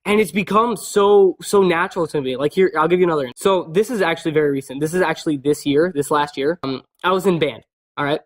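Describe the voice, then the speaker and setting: Fast-talking, foul-mouthed young guy. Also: fairly high pitch. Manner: rambling, swears constantly; many fillers and restarts. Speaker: vlogger. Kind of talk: casual storytelling.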